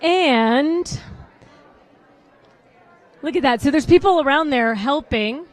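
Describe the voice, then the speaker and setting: A woman's voice: high voice, expressive, takes it slowly, a faint crowd. A woman hosting a live red carpet pre-show, chatty and easily distracted as she talks to the camera. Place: red carpet at a salon event.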